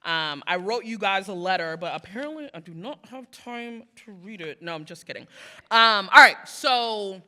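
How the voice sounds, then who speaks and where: Speaking in a mid-range voice with a sharp tone, the woman sounds animated and keeps a moderate pace. It's a live poetry reading with banter at a museum: she jokes at her own expense between rhythmic, building spoken-word poems for the crowd.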